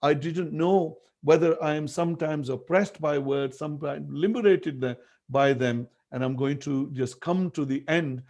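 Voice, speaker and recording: A man's voice: fairly high pitch, moderate pace, a little mellow. A middle-aged man from England, giving an earnest academic talk over a video call and telling stories with quoted dialogue. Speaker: guest speaker.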